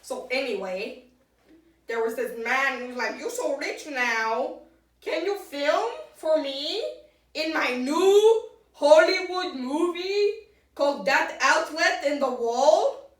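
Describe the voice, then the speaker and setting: A boastful talk-show guest, as a woman puts him on, speaks in a high voice at an unhurried, drawn-out pace. The put-on rambles deadpan through absurd tales. It sounds caught from across an echoey room, well away from the mic. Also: recorded from a distance. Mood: rambling deadpan. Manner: rambling, deadpan, breaks into giggles. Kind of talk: improvised comedy sketch.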